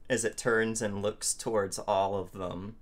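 A man speaking as a player in a tabletop game, describing actions deliberately. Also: on the low side, steady tone.

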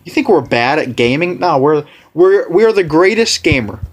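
A man hosting a let's play, rambling and correcting himself as he plays, with excitable outbursts. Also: fairly high pitch, normal speed, slight background noise. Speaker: gaming channel host.

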